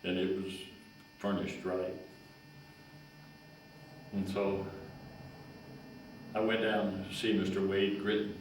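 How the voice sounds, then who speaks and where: An elderly man in his nineties recalls his years as a county agent, telling folksy anecdotes and slipping into the voices of the people he met. His voice sits a little low. It is recorded from a distance in a very echoey room with faint background noise. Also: little pitch movement, takes it slowly, long pauses. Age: 90s. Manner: folksy anecdotes, acts out quoted voices, repeats words. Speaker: retired county extension agent. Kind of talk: storytelling reminiscence.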